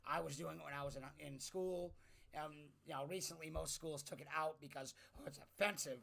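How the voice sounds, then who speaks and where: Ranting man, bright and gravelly. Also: on the high side, fairly even intonation, brisk. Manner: ranting, exasperated, swings between loud outbursts and muttering. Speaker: commentary vlogger. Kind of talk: opinionated political rant.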